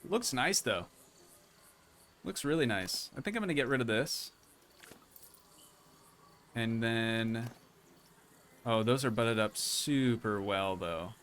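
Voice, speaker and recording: A man's voice: medium pitch, slow, pauses often, a little hiss or hum. Chatty young man streaming a building game. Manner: relaxed, chatty, thinking aloud while building. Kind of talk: casual gameplay commentary.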